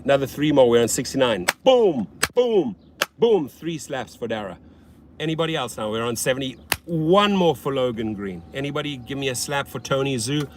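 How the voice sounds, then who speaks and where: A man hosting a casual livestream as a rideshare driver, blunt and often profane, swinging between loud hype and low muttering. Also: background noise.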